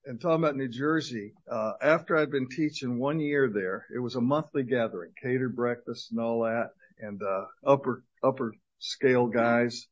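A man in his sixties, a minister giving an energetic, joking talk to a men's group at a church, with lots of fillers. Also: mid-range voice, moderate pace, few pauses, muffled recording. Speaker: guest speaker and minister to men. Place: church gathering of men.

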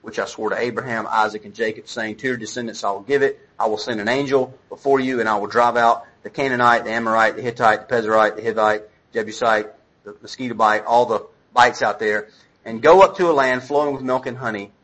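A male pastor delivers a sermon in a bright, forward voice with a husky edge. He moves between reading scripture and loose, conversational paraphrase, acting out the dialogue as he goes. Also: mid-range voice, fairly even intonation, quick pace, low-quality recording.

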